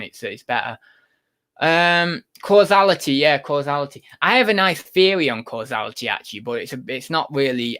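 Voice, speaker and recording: A man's voice: on the high side, a bit bright. A young British man hosting a casual livestream, rambling to viewers in the chat. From United Kingdom. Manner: rambling, talks to viewers and to his cat. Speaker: livestream host, online reseller.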